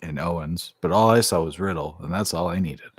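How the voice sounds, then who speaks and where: A man's voice: low voice, brisk, husky, dry recording. A man co-hosting a podcast, giving blunt, dismissive opinions in casual chat. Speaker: podcast co-host.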